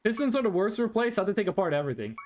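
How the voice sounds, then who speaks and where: High, lively-voiced male streamer. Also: racing. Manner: rambling, reads chat aloud, frequent ums. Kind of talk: casual live-stream chat.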